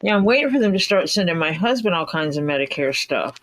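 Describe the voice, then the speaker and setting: A woman's voice: fairly low pitch, big pitch swings, fast. A woman hosting a leatherworking livestream, chatting casually and rambling through stories with quoted back-and-forth. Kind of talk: casual chat.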